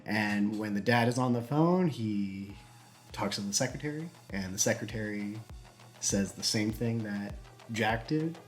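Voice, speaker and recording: A young man casually telling a long, rambling joke as a YouTube host, slipping into quick character voices. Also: lowish voice, expressive, faint music behind. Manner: rambling, giggly, acts out characters in quick snippets. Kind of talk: casual storytelling.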